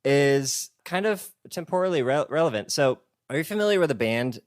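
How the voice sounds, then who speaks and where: A man's voice: on the high side, lively intonation, normal speed, no room sound, clean studio sound. A man in his thirties co-hosting a podcast, telling a story in a rambling, enthusiastic way. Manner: rambling, enthusiastic, restarts words. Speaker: podcast co-host. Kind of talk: casual chat.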